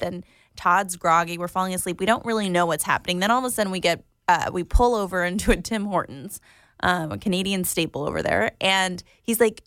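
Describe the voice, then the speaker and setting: A woman co-hosting a casual chat show, tired and giggly, telling stories in an animated way. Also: lowish voice, fairly quick, no room sound, studio quality. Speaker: podcast co-host.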